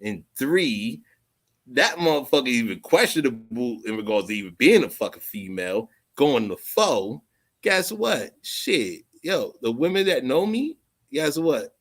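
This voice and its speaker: A man hosting a livestream, talking off the cuff in a profane, rambling way, repeating phrases and swinging from low muttering to loud outbursts. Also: very animated, unhurried. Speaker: livestream host. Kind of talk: unscripted livestream rant.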